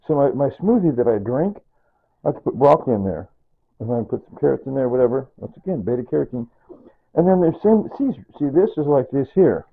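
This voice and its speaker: Cooking in his home kitchen, a man chats loosely and rambles, repeating himself as he explains each step in an unscripted video. His medium-pitched voice has a breathy edge, and the audio is narrow and tinny.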